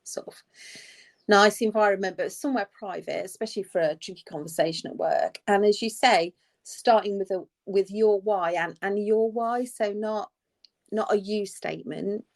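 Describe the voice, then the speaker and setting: Lady nurse chatting on a podcast, acts out quotes, normal pitch. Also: moderate pace, creaky. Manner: animated storyteller, acts out quoted phrases. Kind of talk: casual advice chat.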